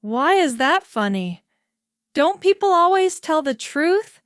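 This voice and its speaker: A woman voicing a frank, lively American society woman in storybook dialogue, speaking directly. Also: high-pitched, takes it slowly, dry recording, clean studio sound, voice pushed up, exaggerated voice.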